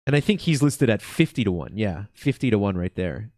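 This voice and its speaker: A man's voice: fairly low pitch, no room sound, studio quality. A man hosting his own channel, talking casually and unhurriedly with lots of ums while congested from a cold. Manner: relaxed, slow and chill, with many fillers. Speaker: channel host. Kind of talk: casual video commentary.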